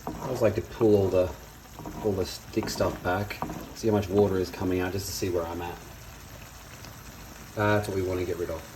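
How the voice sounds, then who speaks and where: This cooking show host has a deep, fairly even voice, speaking at normal speed with long pauses. Demonstrating a dish in his home kitchen, he's playful and chatty with jokey asides, amid background noise, echoes and clattering pans.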